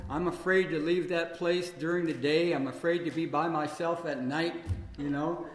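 A man's voice: on the high side, fairly even intonation, normal speed. A man telling a long personal story aloud in a loose, rambling, conversational way, full of fillers like "you know" and "man.". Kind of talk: live personal storytelling monologue. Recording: echoey hall with faint noise.

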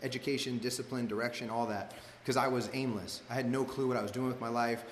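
A man's voice: mid-range voice, steady tone, fast talker. A man tells a personal story in a laid-back, slangy ramble, peppering it with "like" and "you know." His mid-range voice rings through a large hall with a long reverb tail and a faint room hum behind him.

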